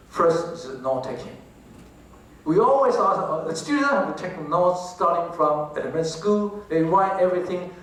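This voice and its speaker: A man's voice: a little high, a bit bright. A man with a Taiwanese accent gives a lecture to teachers, often asking the audience rhetorical questions and repeating his words. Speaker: professor giving a talk on English teaching. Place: large lecture hall. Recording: very echoey hall, distant from the mic, faint noise.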